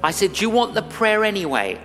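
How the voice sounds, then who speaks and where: Male minister, animated storyteller, reverberant recording. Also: high voice, fairly quick, soft background music. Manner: lively storyteller acting out dialogue. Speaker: guest minister. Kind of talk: storytelling sermon-style talk.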